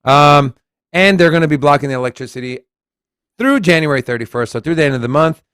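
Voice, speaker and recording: A man co-hosting a casual crypto news show, blunt and animated, reading and commenting on articles. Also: fairly high pitch, fast talker, smooth, dry recording, studio quality. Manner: blunt, animated, reads quotes aloud.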